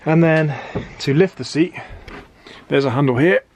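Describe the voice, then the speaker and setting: British bloke fitting out a van, swears a lot, dry jokes, noisy workshop with clicks going on. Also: male voice, a little high, a little slow, darkish tone, dull audio. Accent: British English. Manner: swears freely, dry self-mocking asides while working. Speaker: van conversion vlogger. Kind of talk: casual working commentary. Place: workshop, under and inside a van.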